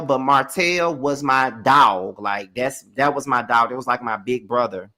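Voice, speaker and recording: A man's voice: mid-range voice, sharp tone. A man hosting a live review of a reality TV episode, ranting heatedly and swearing freely. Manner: profane, heated ranting commentary. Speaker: reality TV recap host.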